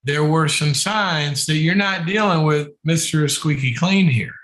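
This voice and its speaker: A man's voice: fairly high pitch, measured pace, a bit bright, poor audio. A man hosting a live call-in advice show who gives counsel in a thoughtful, emphatic way and often repeats words while he builds a point.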